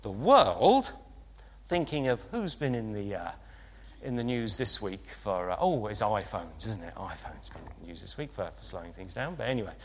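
Man, preacher, conversational sermon, halting with ums, long hall reverb. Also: fairly low pitch, very animated, husky. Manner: conversational, hesitant with many fillers and restarts. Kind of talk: informal sermon.

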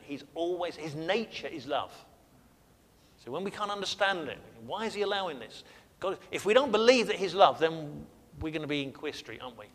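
A man's voice: sits high, fairly bright tone, long reverb tail. A man leading a sermon, earnest and emphatic, asking the congregation questions and repeating phrases for stress. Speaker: pastor.

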